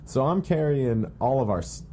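A man's voice: mid-range voice, very animated, moderate pace, mellow, slight background noise. A man co-hosting a podcast, chatting casually with dry, teasing humor and casual swearing. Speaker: podcast co-host. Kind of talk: casual chat.

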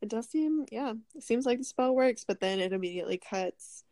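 A woman chats about a comic on a podcast, her voice gravelly with a lot of vocal fry. She sounds wry and thinks aloud as she goes. The close mic is dry and clear of room echo. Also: on the high side, animated, brisk, dark tone. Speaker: podcast co-host. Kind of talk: casual chat recapping a comic.

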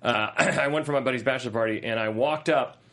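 A man's voice: medium pitch, brisk, fairly bright tone. A man co-hosting a casual podcast chat, easygoing, laughing often and trailing off mid-thought. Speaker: podcast co-host.

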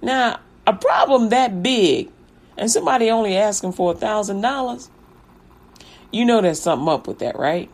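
A woman's voice: medium pitch, expressive, moderate pace. A woman teacher retelling a fairy tale in a playful, laughing, slangy way.

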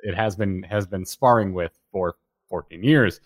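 A man's voice: low-pitched, unhurried, no room sound. A man in his thirties co-hosting a podcast, telling stories animatedly and laughing easily. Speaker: podcast co-host. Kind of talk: casual chat.

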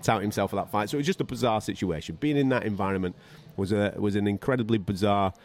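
A man telling boxing stories on a podcast in a casual way, swearing freely and mimicking the people in them. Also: fairly low pitch. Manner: animated and fast-talking. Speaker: podcast co-host, boxing radio commentator. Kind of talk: casual storytelling chat.

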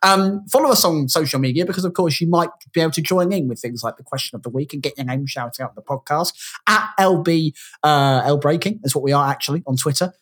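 A man's voice: fairly high pitch, fast, fairly bright tone, husky. A British man co-hosting a casual podcast, jokey and upbeat as he wraps up the show. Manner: jokey, upbeat sign-off patter. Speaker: podcast co-host. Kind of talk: casual chat.

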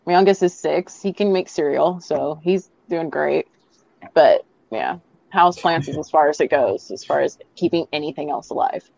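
A woman's voice: low voice, moderate pace, gravelly, darkish tone, no echo, muffled recording. A woman in her thirties chatting on a podcast, teasing and laughing easily. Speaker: podcast guest. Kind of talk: casual chat.

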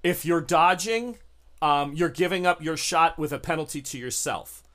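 A man running a tabletop horror game as game master, narrating scenes in halting bursts with many fillers. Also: on the high side, fairly bright tone. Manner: halting, many restarts and fillers while describing.

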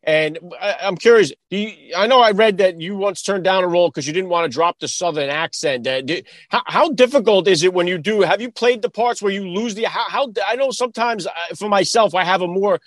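A man with a Northeastern American accent hosting a podcast, asking eager questions with quick restarts. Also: high voice, dry recording, studio quality. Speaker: podcast host. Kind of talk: interview, casual talk.

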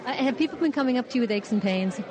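A woman hosting a public radio news show, introducing segments and putting brisk, friendly questions to guests. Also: fairly high pitch, lively intonation, crowd noise.

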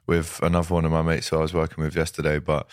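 Chatty low-voiced man. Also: monotone, clean tone, dry recording, studio quality. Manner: chatty, laughs often, quick asides. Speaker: host. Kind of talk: casual football chat.

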